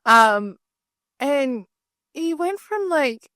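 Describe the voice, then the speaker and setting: Young woman chatting, slightly high, dry. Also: big pitch swings, sharp tone, no room sound. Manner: chatty, many fillers, quick asides. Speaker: podcast co-host. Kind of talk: casual chat.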